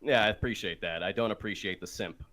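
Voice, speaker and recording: Low-voiced man arguing his point. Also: fast, sharp tone. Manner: mocking, joking, then argumentative. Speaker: debate participant. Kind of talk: heated online debate.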